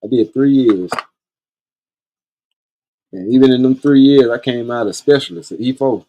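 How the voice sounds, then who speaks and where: A man's voice: mid-range voice, normal speed, highs cut off. A man hosting a podcast, telling stories in a blunt, profane, laid-back way. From Columbia, South Carolina. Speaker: podcast host. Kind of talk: casual storytelling monologue.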